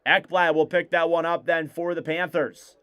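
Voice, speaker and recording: Smooth, higher-voiced male hockey commentator. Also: little pitch movement, muffled recording. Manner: rapid clipped play calls, rising on shots. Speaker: play-by-play commentator. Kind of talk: live hockey play-by-play.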